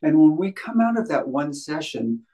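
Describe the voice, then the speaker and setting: A man's voice: a little high, very animated, normal speed, warm tone, rough recording. A man talking as a guest in an interview, earnest and emphatic, often repeating phrases for stress. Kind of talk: conversational podcast interview.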